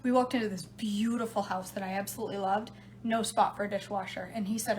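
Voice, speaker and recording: A woman's voice: medium pitch, steady tone, a little fast, slight background noise. A middle-aged woman chatting casually in her home kitchen as she makes drinks, laughing often and talking to her live viewers. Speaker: home cooking vlogger. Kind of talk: casual chat while making drinks.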